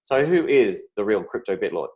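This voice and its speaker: A man's voice: lowish voice, sing-song, normal speed, a little mellow. An Australian man hosting a casual interview, chatty and friendly, calling his guest "mate". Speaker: interviewer, show host.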